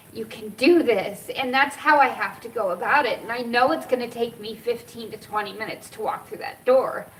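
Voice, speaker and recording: A woman's voice: fairly high pitch, slight background noise. A middle-aged woman vlogging outdoors, telling a rambling personal story with emotion and frequent laughs. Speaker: cannabis and cancer vlogger. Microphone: camera set up nearby. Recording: distant outdoor camera mic.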